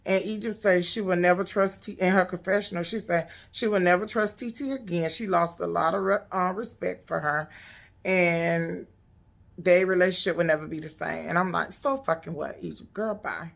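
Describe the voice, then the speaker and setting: A woman's voice: on the low side, fairly even intonation, moderate pace, vocal fry. A woman casually recapping a reality TV episode, blunt, profane and sassy.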